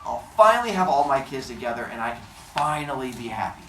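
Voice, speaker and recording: A man's voice: mid-range voice, big pitch swings, fast, fairly bright tone, a little hiss or hum. A male teacher voicing a scheming Mother Earth goddess who patiently coaxes, recorded from a distance in a roomy classroom. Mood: coaxing. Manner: patient, explaining a plan.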